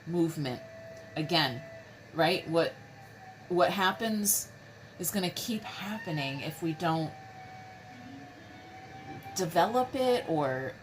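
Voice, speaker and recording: A woman's voice: lowish voice, expressive, slow pace, pauses often, soft background music, low-quality recording. A woman giving a casual, chatty tarot reading from home, talking straight to her viewers and putting questions to the cards. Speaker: tarot reader.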